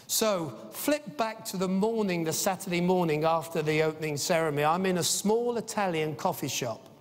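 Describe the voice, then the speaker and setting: A man's voice: high voice, lively intonation, normal speed, few pauses. A middle-aged man giving an enthusiastic, anecdotal business conference talk, with frequent "uh" fillers. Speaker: conference speaker. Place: large conference hall. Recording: long reverb of a conference hall.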